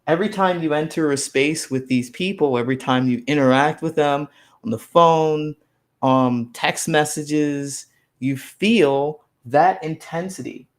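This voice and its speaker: A man's voice: a little high, a little slow. A man giving a motivational conference talk as a life coach, repeating phrases for emphasis and acting out quoted lines.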